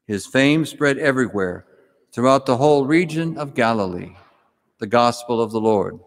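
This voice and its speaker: A man as priest or deacon, reading the gospel and giving an animated homily to children, asking them questions. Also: mid-range voice, moderate pace. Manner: animated storytelling, asks kids questions. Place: church. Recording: long church reverb.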